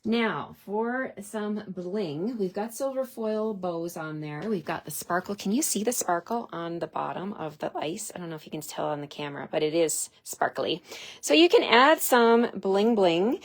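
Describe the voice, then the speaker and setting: This woman speaks at a medium pitch with lively intonation and a moderate pace. She's demonstrating papercraft in a hands-on tutorial, keeping up a cheerful, chatty conversation with viewers as she works.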